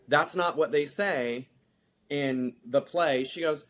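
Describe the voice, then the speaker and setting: A theater actor chatting as a guest in a casual interview, animated and talkative, with lots of filler "like". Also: mid-range voice, moderate pace.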